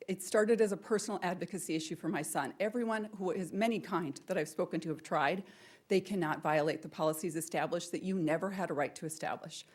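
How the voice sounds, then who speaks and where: A woman's voice: fairly low pitch, fast, darkish tone, breathy edge. A woman and parent giving an emotional public comment at a school board meeting, pleading and repeating her questions. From North Dakota, US.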